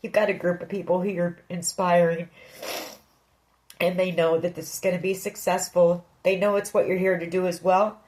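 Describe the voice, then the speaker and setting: A woman's voice: lowish voice, flat delivery, moderate pace, a little mellow, slight background noise, rough recording. A woman giving a tarot reading, speaking earnestly and directly to the listener. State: emotional. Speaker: tarot reader.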